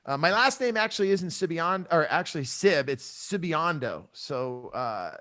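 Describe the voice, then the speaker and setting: A middle-aged man doing a stand-up comedy set over a video call from his home, telling animated stories and acting out the voices of his family. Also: fairly high pitch, normal speed. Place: home room in San Diego. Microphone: headphone mic on a video call. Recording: video call with loud audience laughter.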